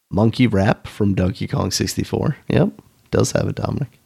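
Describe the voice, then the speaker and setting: A man's voice: lowish voice, normal speed, creaky, warm tone, breathy edge. A man in his thirties co-hosting a podcast, laid-back and dry in casual chat, chuckling often. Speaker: podcast co-host.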